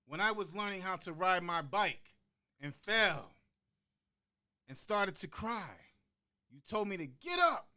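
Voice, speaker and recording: A man performs a personal spoken-word monologue with a bright, high-pitched voice. He takes his time, pausing dramatically between phrases. Now and then he slips into the voices of the people in his story. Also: sing-song. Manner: dramatic, rhythmic delivery with long pauses on key words; acts out quoted voices within the story. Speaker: podcast guest performing a monologue.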